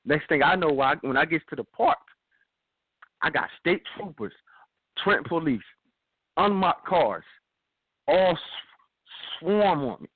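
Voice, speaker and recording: A man telling a story in a casual, animated way, acting out other people's lines and repeating himself. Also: a little high, measured pace, long pauses, no room sound. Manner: animated, repeats himself, acts out the cops' shouting. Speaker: radio show guest telling a story. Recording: dry tinny phone-like sound.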